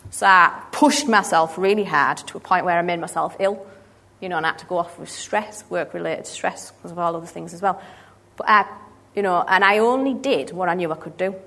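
A woman in her thirties giving a personal testimony at church, earnest and halting, with frequent restarts. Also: fairly low pitch, fairly bright tone.

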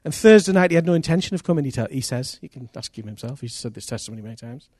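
A medium-pitched man's voice races through a sermon in a dry, studio-quality recording. He tells conversion stories animatedly, taking on the voices of the people in them and repeating phrases.

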